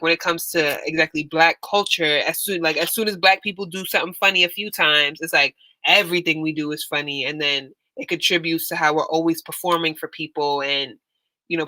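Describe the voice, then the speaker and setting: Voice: medium pitch, bright, forceful tone, dry recording. A young adult in casual group discussion, telling a rambling story full of "like". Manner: rambling storytelling with many "like" fillers.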